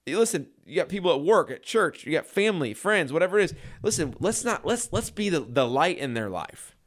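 A man's voice: a little high, big pitch swings, brisk. Earnest man exhorting his radio listeners. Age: 30s. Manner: earnest, exhorting, repeats and restarts often. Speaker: radio show host and chiropractor. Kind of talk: impassioned radio talk.

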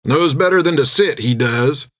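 A man voicing a brawny, quarrelsome male sailor who threatens in rough slang, pitched above his own voice. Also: moderate pace, fairly bright tone, dry recording, clean studio sound, natural voice. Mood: menacing.

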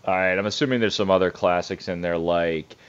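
A man co-hosts a casual radio chat, guessing eagerly between fillers. His voice sits low, and the sound is dull and lo-fi. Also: fairly even intonation, a little fast, clean tone.

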